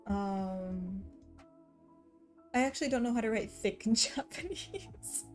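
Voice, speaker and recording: A woman's voice: mid-range voice, mellow. A woman streamer chatting casually and reading chat messages aloud, laughing often. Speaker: streamer reading chat while cross stitching.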